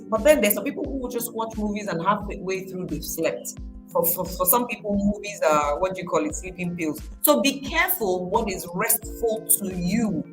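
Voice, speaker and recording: A woman talks in a loose, conversational way, giving motivational advice. She repeats her phrases and slips into quoted voices, and her pitch sits in the middle. Music plays clearly beneath her. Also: low-quality recording. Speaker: motivational speaker. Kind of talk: casual motivational talk.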